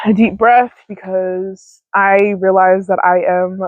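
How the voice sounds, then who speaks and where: A young woman vlogs from a field outdoors on a handheld phone, her medium-pitched voice steady and slow, with a dry, phone-quality sound. She gives chatty, rambling mindfulness advice and swears casually.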